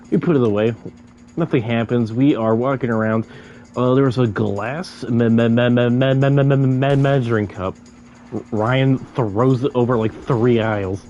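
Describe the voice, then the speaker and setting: A man's voice: mid-range voice, a little mellow, lo-fi sound. A young man casually telling a story about a night out, often stuck repeating syllables before a word comes out. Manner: stammers, repeating syllables many times.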